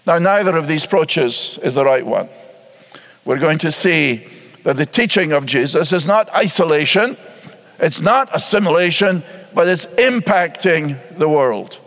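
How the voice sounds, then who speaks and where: High-voiced pastor preaching in a reverberant hall. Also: male voice, a bit bright. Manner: emphatic preaching with repeated phrases and rhetorical questions. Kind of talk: sermon.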